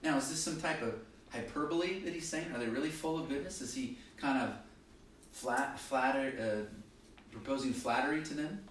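A male pastor preaching a sermon, emphatic, rising and falling in pitch and volume to stress his points. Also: normal speed, a little hiss or hum. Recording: very echoey hall, mic from a distance.

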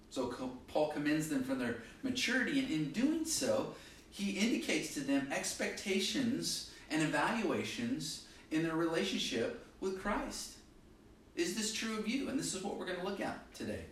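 A male pastor preaching a sermon, emphatic, rising and falling in pitch and volume to stress his points. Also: very animated, moderate pace, slight background noise. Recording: very echoey hall, mic from a distance.

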